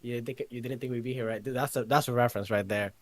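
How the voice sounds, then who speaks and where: A man's voice: medium pitch, fairly even intonation, rapid-fire. A man co-hosting a casual podcast, playful and jokey as he chats with his co-host.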